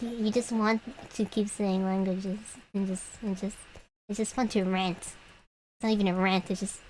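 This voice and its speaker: A woman's voice: medium pitch, mellow, a little hiss or hum, rough recording. A young adult woman streamer chatting idly while she draws, giggling often and trailing off into fillers. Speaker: vtuber streamer. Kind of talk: rambling livestream chat while drawing.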